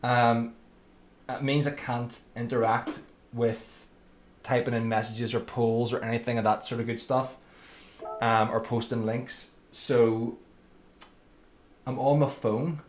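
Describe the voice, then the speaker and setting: A man's voice: mid-range voice, fairly even intonation, slow pace, pauses often, a little hiss or hum. A man commentating his own racing game live and chatting to viewers by name. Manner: chatty, addresses viewers by name, friendly banter. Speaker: livestreamer.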